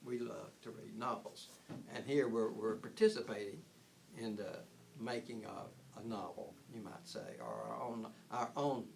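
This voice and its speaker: A man's voice: fairly low pitch, fairly even intonation, measured pace, creaky, a little hiss or hum. An older man giving an informal spiritual talk, rambling with frequent restarts and chuckling at his own points. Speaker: spiritual teacher.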